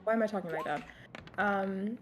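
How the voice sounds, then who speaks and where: A woman's voice: mid-range voice, moderate pace, faint music behind. Giggly woman playing a tabletop game. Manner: playful, giggly banter. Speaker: player. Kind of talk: casual tabletop play.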